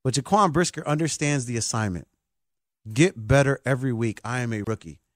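A man hosting a sports talk show, excitable and emphatic like a hyped fan. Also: medium pitch, brisk, no echo, studio quality. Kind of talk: animated sports podcast talk.

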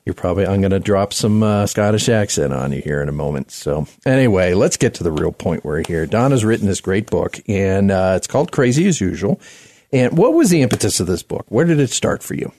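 Lively low-voiced male radio host. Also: a little fast, dry recording. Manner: lively, folksy, talks up the audience. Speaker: radio talk show host. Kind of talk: casual radio interview.

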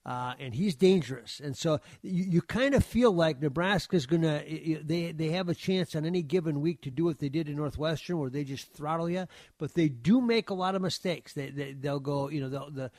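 A man's voice: fairly high pitch, brisk, few pauses, a little mellow, no room sound. Easygoing male sports reporter, dry sound. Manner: easygoing, lots of fillers and restarts. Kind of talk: casual radio chat.

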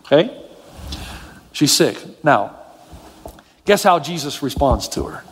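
A man preaching a sermon as a pastor, animated and swinging between low, quiet passages and high, emphatic ones. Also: takes it slowly, slightly rough, big-room sound.

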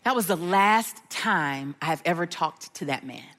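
A middle-aged woman preaching a sermon with a personal story, telling it in an animated way and acting out the voices of the people in it. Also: lowish voice, a little slow. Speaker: pastor.

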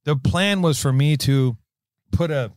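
A man's voice: fairly high pitch, a little slow, no echo, studio quality. Rambling, profane man on a podcast. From California. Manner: rambling, profane, animated riffing. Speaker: podcast co-host. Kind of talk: casual podcast banter.

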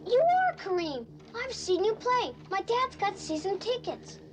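A man's voice: very high voice, sing-song, unhurried, noisy background, heavily acted. A young boy passenger eagerly pestering a pilot, in a movie clip played on the radio. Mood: insistent. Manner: eager, insistent.

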